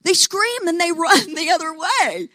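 High-voiced woman preaching with animated storytelling. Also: measured pace, no echo, studio quality. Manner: animated storytelling, acts out quotes, repeats words. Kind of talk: sermon.

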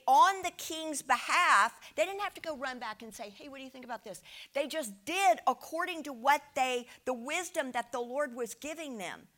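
A woman preaches a sermon with slides, her voice bright, tense and pitched slightly high. She's animated and emphatic, often turning to rhetorical questions to check in with the people listening.

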